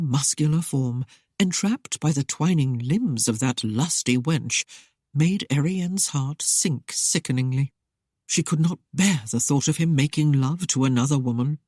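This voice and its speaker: A woman narrating a historical romance audiobook with expressive storytelling. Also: low-pitched, breathy edge, no room sound, clean studio sound. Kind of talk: scripted narration.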